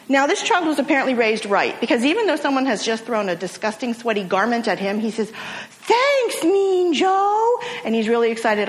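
A woman's voice: mid-range voice, in a large hall, poor audio. A woman preaching a sermon, telling stories with humor and acting out the people in them. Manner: animated, humorous storytelling with acted quotes. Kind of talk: storytelling sermon.

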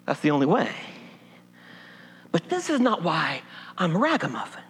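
Male pastor, sermon, high bright voice, folksy and joking, long hall reverb. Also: normal speed. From Appalachia. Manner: lively, folksy, humorous preaching. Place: church sanctuary.

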